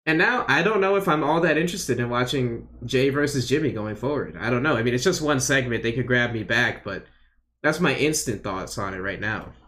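A man's voice: medium pitch, animated, brisk, a bit bright. A young man co-hosting a casual wrestling chat, recapping in a loose, rambling way full of "like" and "I don't know.". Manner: rambling, unsure, filler-heavy recapping. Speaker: podcast co-host.

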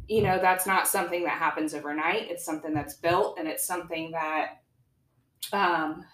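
A woman's voice: fairly low pitch, fairly bright tone. A woman hosting a podcast interview, asking earnest, admiring questions. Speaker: podcast host. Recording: echoey room.

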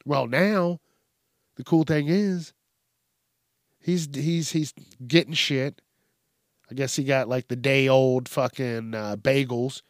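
Male podcast host, casual cussing commentary, unhurried delivery, mid pitch, dead-dry room sound. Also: fairly even intonation, no room sound. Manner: rambling, profane, frequent fillers. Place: home studio with a mic stand. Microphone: stand microphone.

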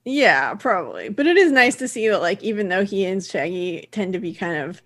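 A woman's voice: medium pitch, expressive, fairly bright tone. A woman co-hosting a podcast in casual chat, talking in a chatty, enthusiastic way about a cartoon episode. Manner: chatty, enthusiastic, quick to laugh along. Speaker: podcast co-host.

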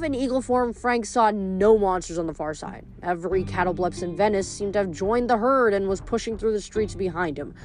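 A woman reading a novel aloud in a casual narration, with small slips and restarts. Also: mid-range voice. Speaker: audiobook reader.

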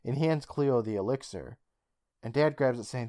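A man co-hosting a casual podcast, retelling a show's scenes with quick character lines and frequent laughs. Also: medium pitch, mellow, dry recording, studio quality. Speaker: podcast co-host. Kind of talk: casual recap chat.

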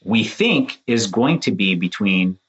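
A man in his thirties with a low voice talks through the episode in a relaxed, chatty way. He slips into playful acted-out quotes, jumping up in pitch as he goes. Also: slow, lo-fi sound. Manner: animated, acts out quotes in shifting voices. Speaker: podcast co-host, former contestant. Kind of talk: casual chat.

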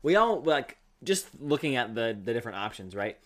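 A man's voice: mid-range voice, sing-song, moderate pace. A man co-hosting a casual Christian podcast, explaining ideas step by step and checking in with "right?". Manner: explanatory, asks "right?" often. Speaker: podcast co-host. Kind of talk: casual faith discussion.

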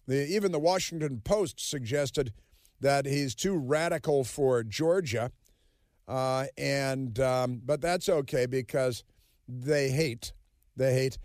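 A male talk radio host holds forth in a sarcastic, mocking monologue, rambling and stopping on fillers. His mid-pitched voice is dry and close on a studio mic. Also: slow pace, a little mellow, no echo. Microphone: studio microphone.

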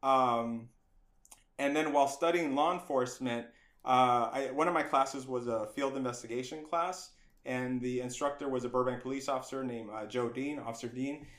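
A middle-aged man, guesting on an interview podcast, tells stories from his youth in a casual, animated manner, acting out the voices of the people he quotes. His pitch is medium, his speed normal, and the room has a noticeable echo.

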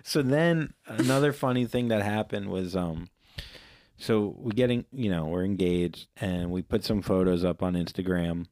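A man co-hosting a podcast, telling a rambling story in casual chat and acting out quoted voices in a higher pitch. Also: normal speed, a little mellow, no room sound, clean studio sound. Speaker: podcast co-host.

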